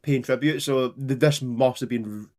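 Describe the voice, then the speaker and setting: A man's voice: mid-range voice, a little slow, darkish tone. A man co-hosting a history podcast, chatting casually, rambling and often laughing. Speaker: podcast co-host.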